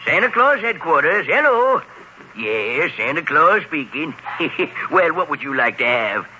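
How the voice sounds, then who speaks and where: A man's voice: fairly high pitch, big pitch swings, a little slow, pushed and bright, lo-fi sound, exaggerated voice. A man playing a hearty, chuckling, kindly old Santa in a 1940s radio play. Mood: jolly. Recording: old radio recording, faint hiss.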